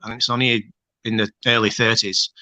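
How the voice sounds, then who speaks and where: Bright-voiced man on a video call. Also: on the low side, flat delivery, brisk, dry recording, poor audio. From Leeds area, England. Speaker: guest fan. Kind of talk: casual video call chat.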